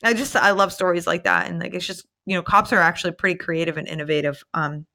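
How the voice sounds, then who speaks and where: A woman's voice: on the low side, steady tone, fast, gravelly, sharp tone. A woman who is a police officer hosts a podcast in a casual, rambling monologue, swearing freely and talking tired late at night. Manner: rambling, profane, emphatic, many fillers.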